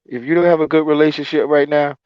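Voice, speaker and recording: A man with a smooth, clear voice co-hosting a casual sports chat in a calm, measured way. His mic sounds dry and a bit muffled, as if recorded close in a dead room. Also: fairly high pitch, no echo.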